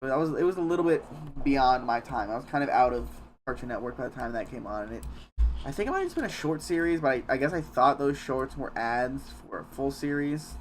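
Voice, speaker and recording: A young man streaming a game from home, chatting casually in a rambling, halting, self-deprecating way with some swearing. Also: mid-range voice, expressive, a little hiss or hum. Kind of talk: casual live-stream chat while gaming.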